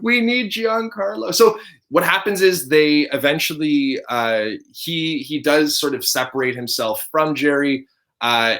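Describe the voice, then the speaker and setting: In his thirties, this podcast host has a slightly high voice and tells a story in casual conversation. He's animated and laughs a lot.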